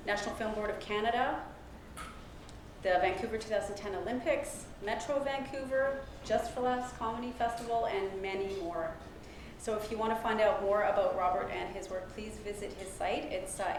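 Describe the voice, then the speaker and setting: A woman at an event introduces the guest speaker, reading his credits a little haltingly and filling gaps with small hesitations. Her mid-range voice rings out in a very echoey room, with background noise clearly audible behind her. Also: mid-range voice. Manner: hesitant, many fillers.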